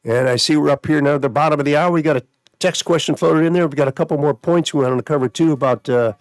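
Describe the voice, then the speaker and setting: Radio host guy, talks fast, slightly high voice, dry studio sound, faint music under. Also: no echo. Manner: fast-talking, spells things out slowly. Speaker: radio show host, financial planner. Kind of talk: call-in radio talk.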